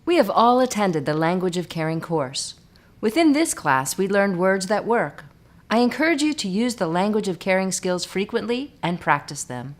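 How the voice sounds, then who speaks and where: A woman reading scripted narration for a hospital staff training video, measured and instructive. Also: medium pitch, very animated.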